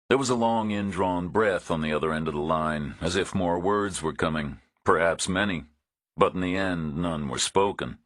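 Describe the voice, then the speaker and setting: A male narrator reads a thriller audiobook in a steady, even voice. His voice is extremely deep, with a husky grain. The recording is dry and close, with no room sound. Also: moderate pace, no echo.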